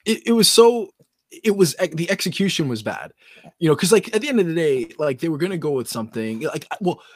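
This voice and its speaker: Animated man with a lively, high voice. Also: dry recording. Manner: animated, halting, restarts his points. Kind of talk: casual movie review chat.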